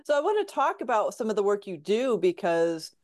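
A woman's voice: medium pitch, big pitch swings, fairly quick, a little mellow. A woman hosting a podcast, listening closely and sharing her own healing experiences with eager enthusiasm. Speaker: podcast host. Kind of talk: casual podcast conversation.

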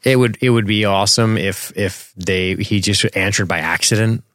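A man co-hosts a podcast from a home streaming setup, chatting casually and profanely about a movie while watching it and laughing often. His voice is on the low side with a fairly bright tone at a moderate pace, in a dry, clean studio-sounding recording.

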